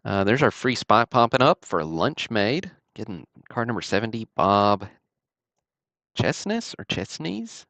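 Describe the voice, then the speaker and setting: A man's voice: on the low side, moderate pace, hardly any pauses, a bit bright, dry recording. A man from Alabama, casually hosting a card-break livestream with easygoing, chatty commentary.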